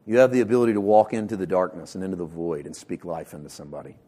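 A male pastor delivering a sermon with passion, swinging from loud bursts to hushed lines and repeating words as he builds emphasis. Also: low voice, fairly even intonation, rapid-fire. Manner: impassioned preaching with sharp swings from loud to hushed.

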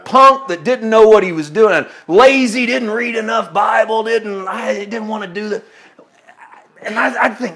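A man preaching a sermon, swinging from loud exclaiming to hushed, intimate tones, often laughing as he talks. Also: high-pitched, animated, moderate pace, breathy edge.

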